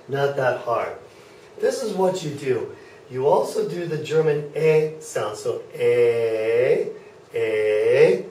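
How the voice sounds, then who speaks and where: A German teacher with a medium-pitched, slightly mellow voice speaks slowly and patiently to his class, regularly checking with an okay that everyone is following. Recorded from far off by a camera at the back, his voice rings off the walls over a faint room hum.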